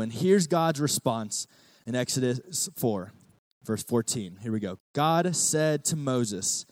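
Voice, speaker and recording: A man preaching a casual youth sermon, reading scripture aloud in a lively, chatty way and calling on the students to repeat words back. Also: on the high side, moderate pace, dry recording. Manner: lively, chatty, many "like" fillers, calls for audience repeats. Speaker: youth pastor.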